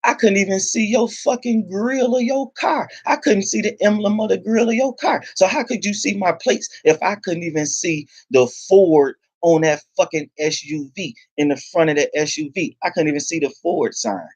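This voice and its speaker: Man, angry profane rant, repetitive, fairly high pitch, dry sound. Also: normal speed, few pauses, darkish tone, slightly rough, no room sound. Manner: heated, profane, repeats himself.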